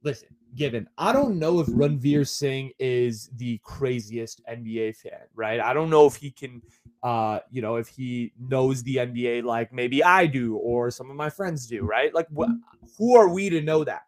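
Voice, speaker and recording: A man's voice: medium pitch, normal speed. A man hosting a podcast in a casual, rambling monologue full of fillers and asides. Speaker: podcast host.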